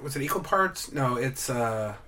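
Mid-range male voice, dry humor, relaxed chat. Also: medium pitch, normal speed. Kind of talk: casual chat.

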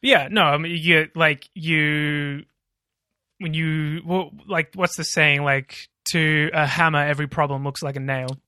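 A man's voice: a little high, fairly even intonation, a little slow, sharp tone, clear, resonant tone, no room sound. A man co-hosting a podcast, chatting casually in a dry, sarcastic way. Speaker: podcast co-host. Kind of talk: casual political chat.

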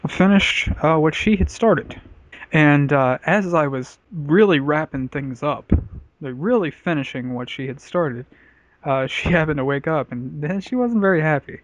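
A man's voice: fairly high pitch, lively intonation, normal speed, no room sound. A man casually telling a crude personal story on a podcast, rambling with lots of filler words. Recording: dull, lo-fi podcast audio.

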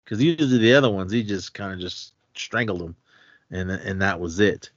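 Rambling low-voiced man recapping a film. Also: dry recording, muffled recording. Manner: rambling, halting retelling with many fillers. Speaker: podcast co-host.

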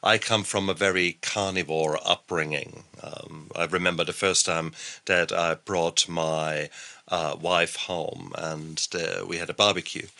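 A man's voice: deep voice, fairly even intonation, measured pace, gravelly, pushed and bright. A man hosting a podcast interview, telling personal stories in a chatty way and swearing now and then. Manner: conversational storyteller, swears casually.

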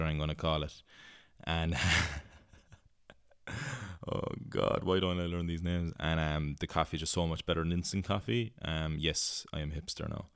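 A man's voice: extremely low pitch, clean tone, no room sound, studio quality. A man with an Irish accent, chatting casually through a film review in a rambling way, with many fillers and some swearing. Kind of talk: casual solo review chat.

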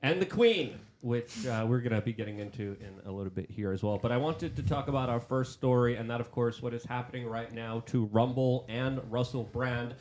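A man's voice: mid-range voice, brisk, few pauses, a little mellow, slight background noise. An American man hosting a political talk show, speaking in a polished radio presenter voice. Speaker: host.

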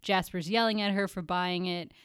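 A woman's voice: lowish voice, steady tone, moderate pace, clear, resonant tone, no echo, studio quality. Laughing woman podcast co-host. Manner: laughs often between remarks. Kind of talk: casual recap chat.

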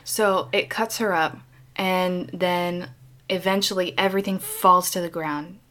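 A woman retelling a film plot in casual chat, animated and acting out the characters. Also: fairly low pitch, measured pace. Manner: animated storytelling, acting out voices.

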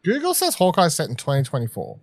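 A man co-hosting a podcast, his voice moving lively up and down. He hedges his points, and the sound is dry and close. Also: a little high, quick pace, no room sound. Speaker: podcast co-host. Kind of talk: casual chat.

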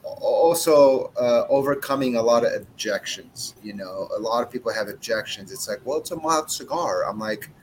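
A man's voice: fairly low pitch, moderate pace, few pauses, darkish tone, a little hiss or hum, poor audio. A man in his forties who owns a cigar brand, telling blunt, profane stories in a casual interview chat. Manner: blunt, profane, brash storytelling.

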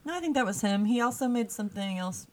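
A woman's voice: mid-range voice, lively intonation, fast, low-quality recording. A young woman co-hosting a podcast, casually retelling a fairy tale with profane jokes. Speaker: podcast co-host. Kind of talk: casual comedic storytelling.

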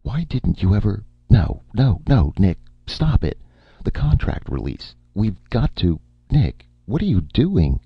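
A frightened young woman's voice, high and quavering with alarm, as a deep-voiced male narrator puts her on in an audiobook. Her voice stays husky and gravelly underneath, on a dull, muffled recording. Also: very animated, unhurried, no echo, full character voice. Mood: pleading.

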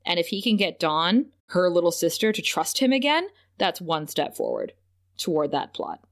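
A woman co-hosting a casual podcast recaps a TV episode scene by scene, laughing often and acting out characters' lines in exaggerated, playful voices. Her voice is fairly low in pitch and animated, at a normal speed.

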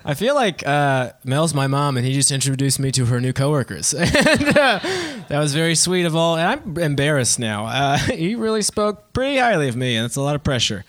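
A man's voice: a little high, very animated, moderate pace, hardly any pauses, a bit bright. Giggly young man doing stand-up. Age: 20s. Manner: self-deprecating, laughing at his own jokes. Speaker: stand-up comedian. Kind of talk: stand-up comedy set. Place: living room.

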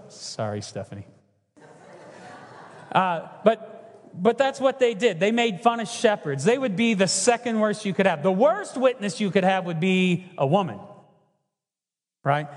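A man from Texas preaching a sermon in a conversational way, often checking in with the congregation with "right?". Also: high-pitched. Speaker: pastor. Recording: long hall reverb.

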